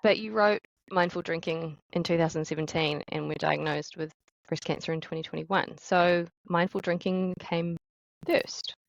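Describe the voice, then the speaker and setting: A bubbly woman with a New Zealand accent, chatting as a podcast co-host and laughing easily. Her voice sits fairly low with a gravelly, creaky edge. The sound is dry and close. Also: fairly even intonation, normal speed, dry recording, low-quality recording. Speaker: podcast co-host and life coach. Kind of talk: casual podcast chat.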